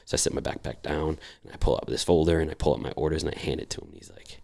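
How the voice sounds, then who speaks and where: Very deep gravelly man telling stories. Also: rapid-fire, few pauses, dark tone. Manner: profane, acts out quoted voices animatedly. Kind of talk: casual storytelling.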